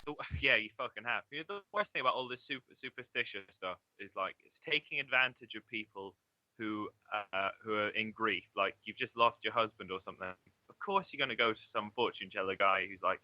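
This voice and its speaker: A man's voice: on the low side, brisk, dry recording. Chatty young man with dull lo-fi audio. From southeast England. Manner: chatty, swears freely, laughs often. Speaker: guest. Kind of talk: casual online chat.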